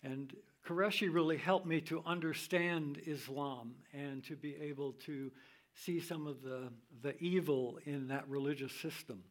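An older man teaching from the Bible in a sermon style, reading scripture in a measured, deliberate way. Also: fairly high pitch, fairly even intonation.

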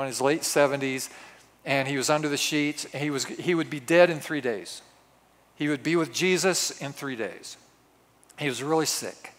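In a large hall with long reverb trailing each line, a man with a slightly high voice for a male preaches a storytelling sermon. He tells it dramatically, sinking into hushed asides before bursting into loud exclamations.

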